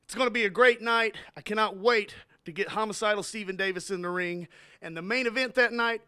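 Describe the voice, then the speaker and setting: A goofy Stooge-style wrestler, brash and boastful, cutting a promo in a highish, nasal voice. He brags and taunts with silly squeals between threats. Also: fairly quick, pushed and bright, smooth. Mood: mocking. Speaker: pro wrestler.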